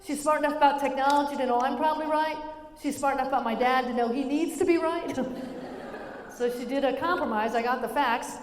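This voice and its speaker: A woman's voice: high voice, fairly quick, slight background noise. A middle-aged woman comedian telling a personal story in a chatty way, laughing between lines.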